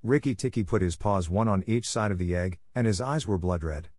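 A man reads a classic story aloud in a steady, clear manner for English learners. His voice is fairly low. The recording is dry and close, with no room sound. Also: fairly quick, dry recording. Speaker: audiobook narrator.

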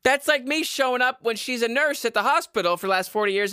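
Male comedy podcast host, loud, profane, sarcastic ranter; bright edgy voice, dead-dry recording. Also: fast talker, smooth, no echo. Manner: loud, high-energy, shouty and profane; sarcastic, self-mocking. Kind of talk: ranting comedy podcast monologue.

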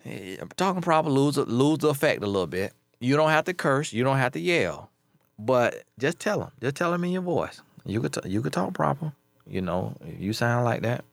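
This life coach speaks at a normal pace in a gravelly, medium-pitched voice that is very animated, with no echo. His casual advice commentary is blunt street talk, and he drives his points home by emphatically repeating key phrases.

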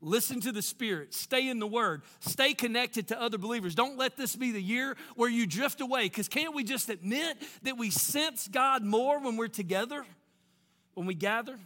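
A man preaching a sermon in a church, very animated, swinging between loud bursts and hushed lines and acting out quotes. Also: extremely high pitch, normal speed, big-room sound. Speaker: pastor.

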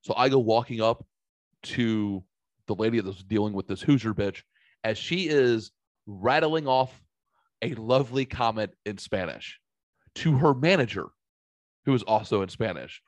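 A man with a lowish voice tells rambling, profane stories in a loose, animated way, like a host chatting with friends. The recording is dry and close, with no room sound. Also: normal speed, no echo. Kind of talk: casual storytelling chat.

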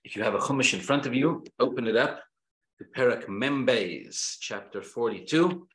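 A man's voice: mid-range voice, normal speed, a bit bright. A man giving a Torah class, reading Hebrew verses aloud, then translating and explaining them, and repeating key phrases for emphasis. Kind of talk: Torah lesson. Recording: echoey room.

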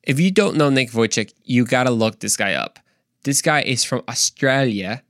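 A man hosting a faith podcast, earnest and animated, repeating points for emphasis and joking in between. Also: mid-range voice, a little fast, dry recording, studio quality. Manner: playful, tries silly accents, earnest preaching. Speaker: podcast host. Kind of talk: casual faith podcast monologue.

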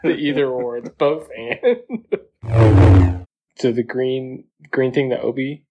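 A man's voice: mid-range voice, animated, takes it slowly, lo-fi sound, background noise. A man co-hosting a casual podcast, giggling and rambling as he talks through his notes on a film. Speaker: podcast co-host. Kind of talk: casual movie-discussion chat.

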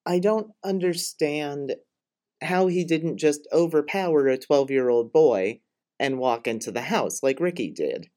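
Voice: mid-range voice, measured pace, mellow. A podcast co-host in casual chat, recapping a film with dry, opinionated asides.

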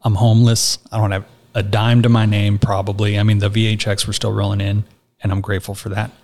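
A man earnestly telling a personal story in conversation, halting and restarting as he goes. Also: on the low side, little pitch movement, darkish tone. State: choked up. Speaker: guest.

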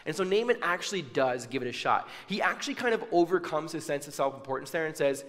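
A man delivers a sermon in a storytelling way, acting out the characters' words with casual asides. His voice sits slightly high for a man. A long hall reverb trails every line. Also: lively intonation, fast talker, hardly any pauses, fairly bright tone. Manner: storytelling with acted-out quotes and asides. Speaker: preacher.

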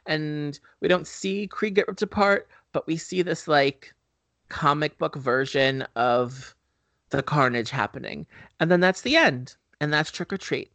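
A man's voice: fairly high pitch, measured pace, sharp tone, dry recording. A man co-hosting a casual movie-review podcast, talking in a loose, rambling way with lots of "um" fillers. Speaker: podcast co-host.

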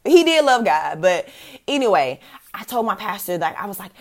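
A young adult woman hosting a podcast, talking casually about faith and dating, animated, laughing often, with many "like"s and fillers. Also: medium pitch, normal speed. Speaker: podcast host.

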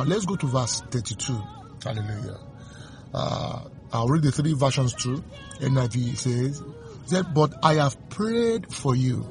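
A man preaching a sermon, slow and fervent, repeating refrains and reading scripture aloud. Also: medium pitch, gravelly.

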